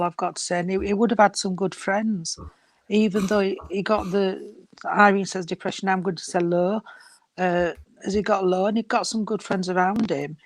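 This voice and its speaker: A woman's voice: medium pitch, no room sound. A woman giving a psychic reading, speaking earnestly with many restarts and calling the sitter sweetheart and darling. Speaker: spiritualist medium.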